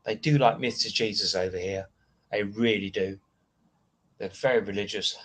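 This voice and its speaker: A man's voice: on the low side, steady tone, moderate pace, slightly rough. A man with a British accent hosting a casual live stream, rambling and chatting as he answers viewer comments between asides.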